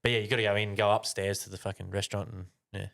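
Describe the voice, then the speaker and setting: A man's voice: lowish voice, little pitch movement, very fast, vocal fry, fairly bright tone. A young man telling a long, rambling story on a casual podcast chat, with plenty of swearing. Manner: swears a lot, rambling anecdote. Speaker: podcast co-host.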